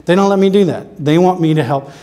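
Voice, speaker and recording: A man with a Southern US accent giving a casual, chatty talk at a conference, full of quick asides. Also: on the high side, dark tone. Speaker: presenter.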